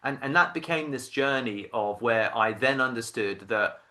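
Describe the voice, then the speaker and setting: A man in his thirties, a podcast guest telling his career story in a casual, animated way, acting out voices and often restarting sentences. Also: mid-range voice, moderate pace. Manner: animated storyteller who acts out quoted voices, many restarts.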